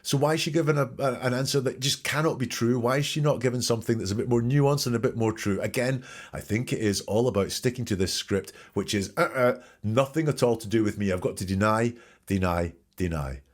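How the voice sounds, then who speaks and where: A man's voice: mid-range voice, a little fast. A man hosting a podcast, analyzing courtroom testimony in an emphatic commentary style and asking rhetorical questions. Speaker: podcast host.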